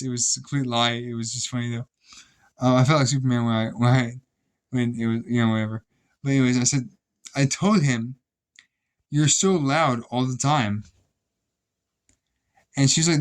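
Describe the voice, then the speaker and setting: A young man casually telling rambling, profane stories about his old job, with many restarts. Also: mid-range voice. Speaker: vlogger. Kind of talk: casual storytelling.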